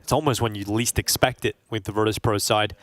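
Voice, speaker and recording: A man calling esports play-by-play, his voice climbing in pitch and volume when a big play lands. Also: fairly even intonation, a little fast, a bit bright, a little hiss or hum. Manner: rises sharply in pitch and volume at big plays. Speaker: esports commentator. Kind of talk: play-by-play commentary.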